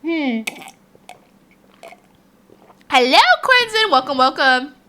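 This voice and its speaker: Animated Australian woman chatting on stream. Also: high voice, slow pace, slight background noise. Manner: chatty and rambling, laughs often. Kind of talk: casual chat with viewers.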